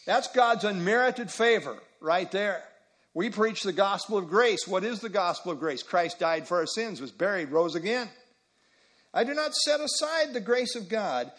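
A man's voice: high-pitched, fairly bright tone. A man preaching an expository sermon, reading scripture aloud and explaining it, repeating key phrases with frequent fillers.

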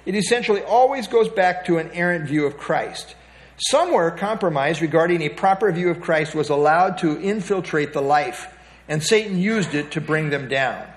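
A man giving an expository Bible lesson, reading from printed notes and stopping often to direct listeners to the page. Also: on the high side. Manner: reads from notes with frequent fillers and restarts, pointing to the page. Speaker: Bible teacher.

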